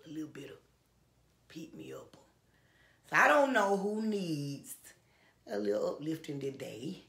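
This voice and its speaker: A woman singer chatting casually to her fans in an effusive, soft-spoken way, often calling out to them directly. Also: lowish voice, creaky, a little hiss or hum. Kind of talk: casual vlog chat. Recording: roomy echo with faint guitar behind.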